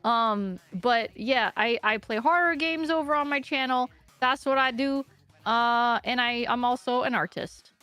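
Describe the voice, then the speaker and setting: A woman's voice: fairly high pitch, measured pace, bright, forceful tone, faint music behind. A woman VTuber and horror game streamer in casual stream chat, chatty and laughing often.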